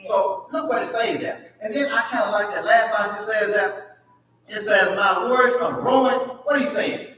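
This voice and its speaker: A man teaching a church Bible class, animated, asking the class questions and acting out the prayers. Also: high-pitched, normal speed. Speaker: Sunday school teacher. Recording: echoey room, mic far off, faint noise.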